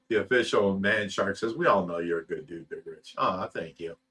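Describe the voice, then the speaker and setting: A man's voice: deep voice, a bit bright, slightly rough, far from the mic. A man hosting a livestream, chatting casually and reading viewer comments in a blunt, rambling way, swearing freely. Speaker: livestream host reading chat.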